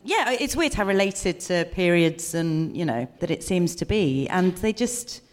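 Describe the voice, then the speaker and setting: A woman's voice: lowish voice, animated, a little slow, in a large hall. A woman co-hosting a live comedy podcast, musing playfully and thinking aloud. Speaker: podcast co-host.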